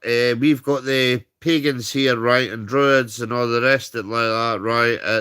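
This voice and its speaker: A man's voice: medium pitch, fairly bright tone. A British man ranting on a livestream, heated and swearing, tagging his points with "right?". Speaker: streamer. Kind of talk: angry livestream rant.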